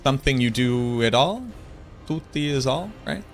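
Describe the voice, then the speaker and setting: A man's voice: mid-range voice, lively intonation, normal speed, faint music behind. A man from Boston with a Boston accent, chatting casually and playfully with his livestream viewers and answering their messages. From Boston, United States. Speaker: game streamer.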